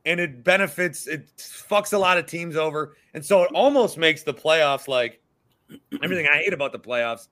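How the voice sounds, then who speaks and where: Ranting Midwestern man with a bright voice. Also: a little high, moderate pace. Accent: Midwestern American. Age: 30s. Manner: profane, animated ranting. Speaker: podcast co-host. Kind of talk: casual sports chat.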